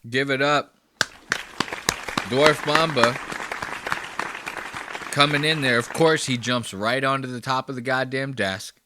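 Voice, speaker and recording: A man's voice: mid-range voice, steady tone, slow, long pauses, crowd noise, noisy background. Crude rambling man on a podcast. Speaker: podcast host. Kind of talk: profane comedic commentary. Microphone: close podcast mic.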